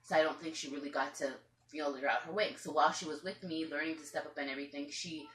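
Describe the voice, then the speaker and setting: A woman's voice: sits low, fairly even intonation, fast, a bit bright, roomy sound. A woman parrot owner telling a long story to the camera at home, chatty and rambling, sometimes acting out what others said. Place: room at home with pet birds.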